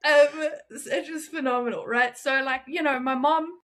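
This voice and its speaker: A young woman telling stories as an interview guest, animated and often laughing. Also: high voice. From South Africa. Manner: animated, laughing, quick asides. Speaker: guest, freediver. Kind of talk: casual interview storytelling.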